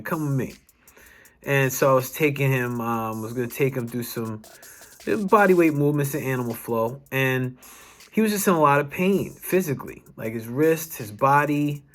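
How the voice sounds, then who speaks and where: A young man who works as a wellness coach speaks straight to his viewers in a casual, heartfelt vlog. His voice sits at a middle pitch, and he talks with emphatic earnestness, often restarting his sentences and dropping in a curse. Faint music plays softly behind him. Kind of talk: casual personal storytelling to camera.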